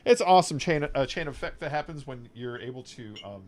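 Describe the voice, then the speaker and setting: A man's voice: mid-range voice, fast. Rambling, foul-mouthed male game streamer. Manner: rambling, profane, animated storyteller. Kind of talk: casual gameplay commentary.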